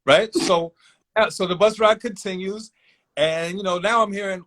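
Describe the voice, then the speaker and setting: A man telling a long personal story in a casual, animated way, acting out voices in quotes. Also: high-pitched, moderate pace.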